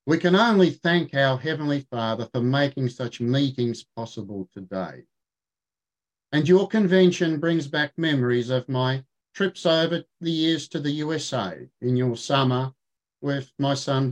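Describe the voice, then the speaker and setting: Older Australian lay preacher, gentle and formal, mid-pitched, delivering an online vesper sermon. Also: male voice, low-quality recording.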